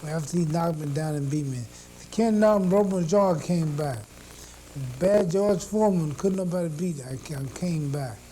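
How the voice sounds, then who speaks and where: Boastful champion with mellow, high voice. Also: male voice, a little hiss or hum. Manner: boastful, rhythmic rhetorical questions. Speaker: boxing champion speaking to press. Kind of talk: press conference speech.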